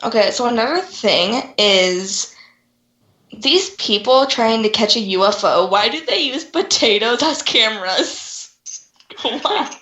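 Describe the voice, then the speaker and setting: A woman's voice: fairly high pitch, animated, slow pace, pushed and bright. A young woman hosting a podcast, playful and giggly as she asks questions. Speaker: podcast host. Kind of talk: casual podcast chat. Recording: echoey room, dull lo-fi sound.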